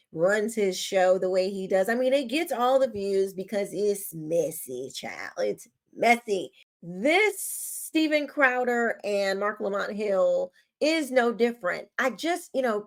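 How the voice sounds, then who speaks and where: She sounds like a woman hosting her own show and giving her opinions in a loose, chatty way. She's sassy, rambles a bit and fills the gaps with "like" and "you know." Her voice sits at an everyday pitch for a woman. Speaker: host. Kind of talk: casual opinion commentary.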